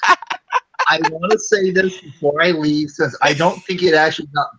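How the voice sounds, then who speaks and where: A man's voice: on the high side, fairly even intonation, moderate pace, pushed and bright, husky, rough recording. An American man hosting a livestream, chatting in a playful, theatrical way and laughing often. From United States. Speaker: stream host. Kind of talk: casual group chat on a livestream.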